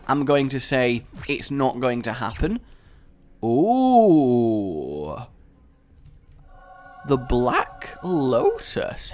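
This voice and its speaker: A man giving casual, rambling commentary over a game he is playing, with self-mocking jokes and asides. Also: mid-range voice. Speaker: gaming commentator.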